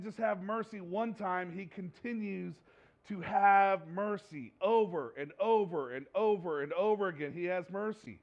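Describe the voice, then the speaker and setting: A man preaching a conversational sermon, joking and animated, repeating phrases for emphasis. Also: high voice, lo-fi sound. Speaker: pastor.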